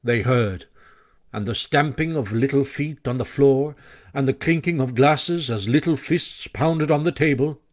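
A man reading a classic children's story aloud with expressive, animated narration. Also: medium pitch, measured pace. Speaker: audiobook narrator.

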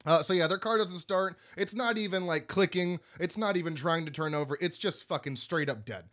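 A man's voice: high-pitched, a little fast, fairly bright tone. A man casually recapping a horror movie plot in loose, profane podcast chat, now and then acting out lines of the characters. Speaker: podcast co-host.

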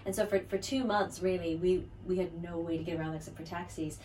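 A woman's voice: fairly low pitch, steady tone, brisk, far from the mic, background noise. An American woman in a casual interview, chatty and self-deprecating, laughing often. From United States. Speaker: musical theatre actress, interview guest.

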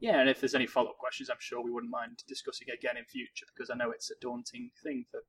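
A man from Cheshire, co-hosting a casual podcast and giving calm, encouraging advice with small restarts. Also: mid-range voice, fast talker, gravelly, slight background noise, poor audio. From Cheshire, England. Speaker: podcast co-host.

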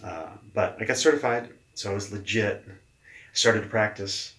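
Lively, story-telling man in an echoey room. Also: on the low side, normal speed. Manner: lively, acts out quoted dialogue, casual swearing. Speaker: leadership coach, podcast guest. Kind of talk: casual storytelling in an interview.

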